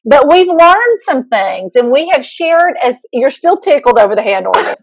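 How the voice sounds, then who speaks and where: A woman's voice: high-pitched, sing-song, normal speed, no room sound, rough recording. A woman co-hosting a podcast as a school counselor, chatting casually, laughing and rambling with restarts.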